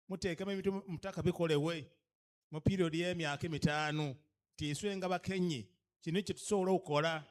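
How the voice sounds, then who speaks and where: A man's voice: a little high, darkish tone. A man with a Ugandan accent addressing cultural leaders, emphatic and full of rhetorical questions to the room, switching between English and a local language. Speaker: guest speaker at a leadership orientation. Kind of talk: addressing an audience.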